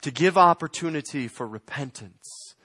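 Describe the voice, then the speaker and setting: A man preaching a sermon, swinging between loud emphatic lines and quiet, slowed phrases. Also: fairly high pitch, animated, dry recording, clean studio sound. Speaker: pastor.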